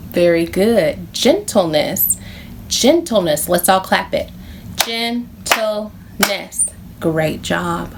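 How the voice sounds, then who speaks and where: Woman, pre-K teacher, slow, clear, encouraging delivery, mid-pitched. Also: noisy background. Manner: encouraging, repeats words slowly and clearly. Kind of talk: slow, sing-song classroom instruction for small children.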